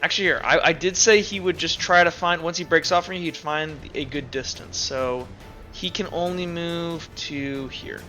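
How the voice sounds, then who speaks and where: A man's voice: on the high side, normal speed, pushed and bright, soft background music. Rambling male game master. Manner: rambling, full of fillers. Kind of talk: narrating a tabletop game.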